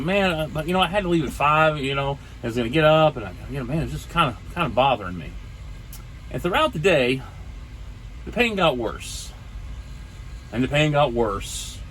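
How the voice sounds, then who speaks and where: A trucker vlogger in his forties tells a casual story from his truck in a medium-pitched voice, animatedly acting out the people he spoke with. The audio is poor, with slight background noise.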